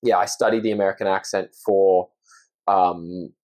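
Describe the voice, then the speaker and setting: A man's voice: sits low, steady tone, moderate pace, darkish tone. A man with an Australian accent, talking earnestly and reflectively as a guest in a casual interview, often restarting his sentences. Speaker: podcast guest, actor.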